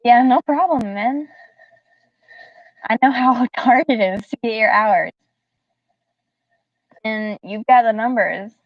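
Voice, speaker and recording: Giggly streamer woman, slightly high. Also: slow, long pauses, no echo. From Southern United States. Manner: chatty, giggly, talks straight to chat. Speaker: livestreamer. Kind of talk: casual live-stream chat. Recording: distant dull dry mic.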